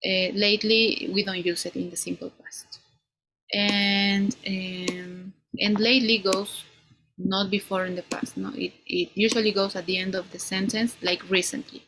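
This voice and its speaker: A woman teaching an English grammar class, explaining slowly and ending many points with "no?". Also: medium pitch, flat delivery, a bit bright, a little hiss or hum, low-quality recording. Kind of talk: online class lecture.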